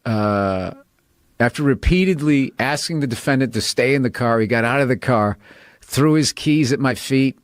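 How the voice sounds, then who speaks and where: A man's voice: mid-range voice, moderate pace, dry recording, studio quality. A man hosting a casual podcast chat, swearing freely and laughing through his stories. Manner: profane, storytelling, laughs a lot. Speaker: podcast host.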